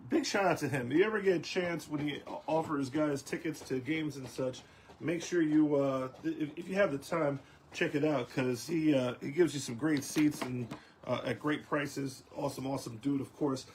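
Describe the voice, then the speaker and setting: A man's voice: on the high side, normal speed, slight background noise. A man hosting a casual sports talk show, rambling along with lots of ums and restarts. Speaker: host.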